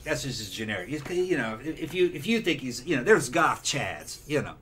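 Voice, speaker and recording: A man's voice: mid-range voice, sing-song, a little fast, a bit bright. A man hosting a casual podcast chat, emphatic and opinionated, swearing often. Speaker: podcast host.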